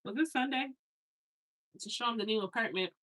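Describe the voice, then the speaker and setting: A woman's voice: on the high side, normal speed, fairly bright tone, poor audio. A woman in her thirties, a hair stylist, chatting casually and telling rambling family stories with slangy asides while she unpacks. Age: 30s.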